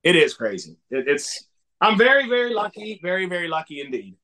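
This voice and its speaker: Animated storytelling man from Pennsylvania. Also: fairly quick. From southwestern Pennsylvania. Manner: animated, acts out dialogue with big swings in pitch. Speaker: podcast guest, toy collector. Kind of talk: casual storytelling.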